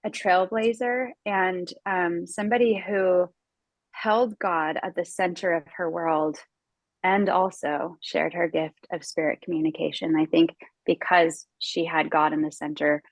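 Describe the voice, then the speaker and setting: A woman's voice: lowish voice, fairly even intonation, measured pace, no echo, low-quality recording. Earnest chatty American woman, dry sound. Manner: earnest, talkative, many fillers and restarts. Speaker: podcast guest, medium. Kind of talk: casual conversation.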